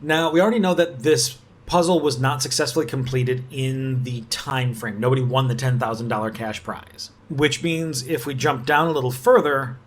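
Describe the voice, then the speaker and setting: A man hosting a puzzle-solving video, talking it through in a chatty way and rising in pitch on key words. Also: normal speed, hardly any pauses. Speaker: puzzle channel host. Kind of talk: casual puzzle-solving commentary.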